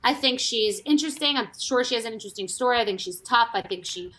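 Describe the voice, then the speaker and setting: A woman's voice: on the high side, expressive, quick pace, a bit bright. A woman who was once on a reality TV show, telling gossip in a rambling, candid way with many restarts and asides. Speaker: former reality TV cast member. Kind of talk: casual gossip storytelling.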